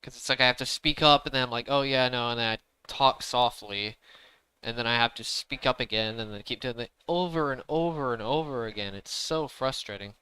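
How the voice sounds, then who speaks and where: A young man chatting casually while playing a game, rambling and deliberately speaking up, often saying "to be honest.". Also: medium pitch, sharp tone, clean tone, rough recording. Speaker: gaming streamer. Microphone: desk microphone.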